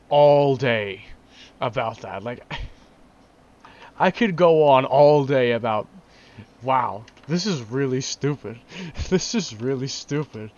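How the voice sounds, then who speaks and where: Exasperated man ranting in disbelief. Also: mid-range voice. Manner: exasperated, repeats himself, laughs in disbelief. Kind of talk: casual ranting vlog. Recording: dull lo-fi recording.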